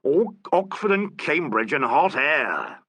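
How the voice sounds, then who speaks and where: A man's voice: medium pitch, very animated, normal speed, pushed and bright, no echo, voice pushed up, full character voice. Man doing a surly, mocking theatre owner. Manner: rude, savage, mocking. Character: surly, sarcastic male theatre proprietor. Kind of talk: audiobook character voice.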